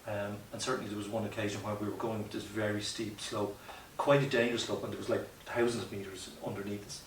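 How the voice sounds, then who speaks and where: A lowish-voiced man talks through his experiences with earnest, reflective restarts. He sits back from the mic in an echoey room. A faint hiss runs underneath. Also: little pitch movement, fast, recorded from a distance. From Ireland. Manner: reflective, earnest, many restarts and "you know" asides. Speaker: guest, mountaineer. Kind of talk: conversational storytelling interview.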